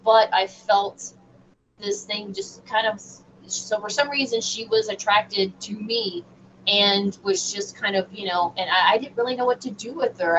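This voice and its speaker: A woman guest on a radio show, telling a personal story in an animated, halting way with many fillers. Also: medium pitch. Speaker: guest medium. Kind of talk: casual storytelling in a radio interview. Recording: distant, dull lo-fi sound with faint noise.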